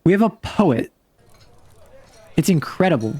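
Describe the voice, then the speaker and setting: A man's voice: big pitch swings, a little slow, warm tone, husky, dry recording. Chatty streamer guy, dry close mic. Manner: rambling, thinking aloud, jumpy pitch. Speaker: vtuber streamer. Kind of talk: casual livestream commentary while playing.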